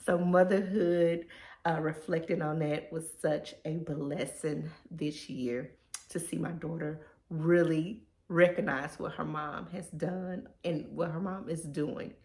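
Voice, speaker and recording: A woman's voice: low-pitched, fairly even intonation, slow pace, a little mellow, roomy sound. A woman, talking casually and emotionally in a personal vlog. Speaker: vlogger.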